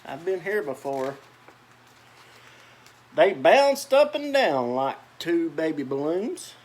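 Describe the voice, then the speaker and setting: A man's voice: fairly high pitch, sing-song, slow pace, a little mellow. A man reading a children's picture book aloud, with chatty asides about the pictures. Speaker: storyteller.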